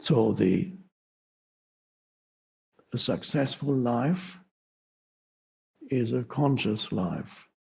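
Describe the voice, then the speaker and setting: A man giving an unscripted spiritual talk to an audience, slow and reflective, with pauses and self-corrections. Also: medium pitch, creaky, darkish tone, a little hiss or hum. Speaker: spiritual teacher.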